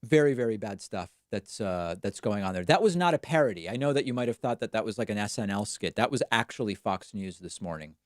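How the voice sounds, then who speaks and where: A man's voice: lowish voice, lively intonation, brisk, few pauses, dry recording, studio quality. A man hosting a live political commentary stream, talking back at clips with sarcasm. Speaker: show host.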